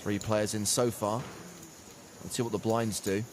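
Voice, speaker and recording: A man giving play-by-play sports commentary, brisk and lightly witty. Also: on the low side, steady tone, slight background noise.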